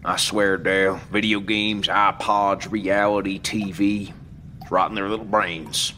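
A man voicing a heavyset, crude middle-aged man who jokes roughly and swears freely. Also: lowish voice, flat delivery, a little slow, pushed and bright, a little hiss or hum. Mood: grumbling. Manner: joking, rough, profane.

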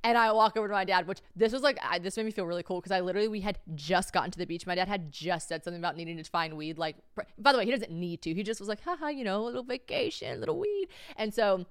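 A young woman hosting a podcast, telling a funny story in a loose, chatty way and swearing without a second thought. Her voice is smooth and clear. It is recorded close on a mic in a dry, deadened space. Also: mid-range voice, rapid-fire, no room sound. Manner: chatty, swears freely, bursts into shrieking laughter. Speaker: podcast host. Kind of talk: casual comedic storytelling.

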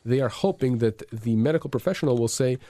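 A man speaks as a lawyer on talk radio, his voice dark and mellow. He talks earnestly and emphatically, tripping into restarts. The studio sound is dry and close. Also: mid-range voice, animated, fast, no room sound. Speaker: insurance and injury lawyer. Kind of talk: radio talk show advice.

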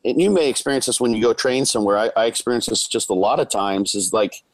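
A man speaking as a guest in a casual discussion, measured and a little hesitant, restarting his words. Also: mid-range voice, dry recording, rough recording. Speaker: guest, coach.

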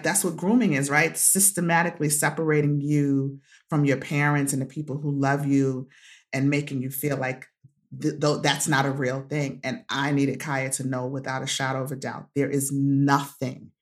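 A woman guest author sharing a personal story in an interview, animated and repeating phrases for emphasis, laughing often. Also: a bass voice, moderate pace. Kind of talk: emotional conversational interview.

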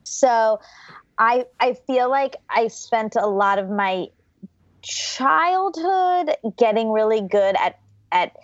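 A woman's voice: fairly high pitch, lively intonation, slow pace, no room sound. Chatty woman from Georgia, dry lo-fi sound. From Georgia, USA. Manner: reflective, chatty, laughs often. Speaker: podcast guest. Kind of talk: casual interview storytelling.

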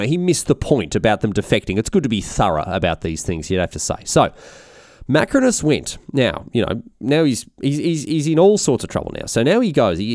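A man's voice: lowish voice, darkish tone, dry recording, studio quality. A man narrating history in a comedic, irreverent, rambling way. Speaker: history storyteller.

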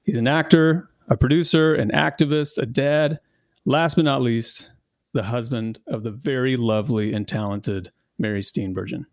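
A man's voice: mid-range voice, moderate pace, no room sound, studio quality. A man hosting a podcast interview, upbeat and enthusiastic as he introduces and questions his guest. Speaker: podcast host.

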